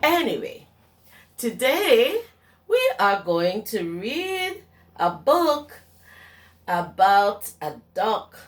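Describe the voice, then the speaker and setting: A woman preschool teacher reading a picture book aloud to young children in a slow, sing-song storytelling way. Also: fairly high pitch, sing-song.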